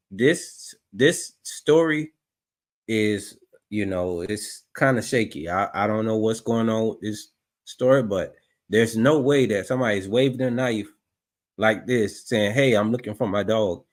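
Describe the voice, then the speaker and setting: A man's voice: on the low side, measured pace. A man commenting on footage, doubtful and repeating himself as he questions a story. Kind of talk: skeptical commentary.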